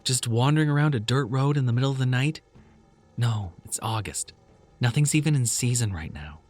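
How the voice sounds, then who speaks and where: A man's voice: fairly high pitch, lively intonation, moderate pace, soft background music, voice pushed up. Brief: skeptical young woman, raised doubting voice, horror story, a male reader doing her. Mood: incredulous.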